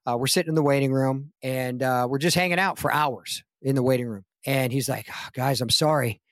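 In a casual podcast chat, an actor guest delivers a lengthy anecdote in a mid-range voice, fairly quickly. Quoted lines come out in a raised, animated voice, and the studio-quality recording has no room sound.

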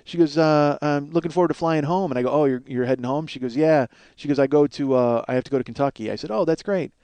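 A man's voice: on the high side, fast, mellow, clean tone, dry recording. A middle-aged man telling a rambling, self-mocking comic story as a podcast host. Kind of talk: casual comedic monologue.

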